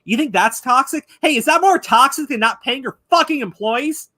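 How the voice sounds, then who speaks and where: A man's voice: very high voice, lively intonation, sharp tone. A man hosting a commentary stream, ranting angrily and swearing heavily. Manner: angry, profane, rapid ranting. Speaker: YouTube commentary host.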